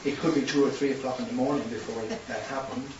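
Irish preacher in a roomy hall. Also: male voice, mid-range voice, fairly even intonation, quick pace. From Ireland. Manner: storytelling, building to impassioned emphasis. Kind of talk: sermon. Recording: roomy distant hissy lo-fi recording.

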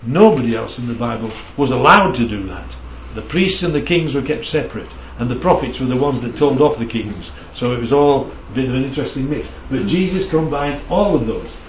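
A man's voice: mid-range voice, lively intonation, a little fast, hardly any pauses, a little hiss or hum. A man preaching a conversational Bible teaching, often checking in with his listeners. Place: church hall. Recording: dull, echoey hall from far off.

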